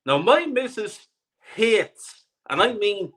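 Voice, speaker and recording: A man on a live call-in show telling an animated, profane story. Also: high-pitched, slow pace. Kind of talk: heated call-in chat.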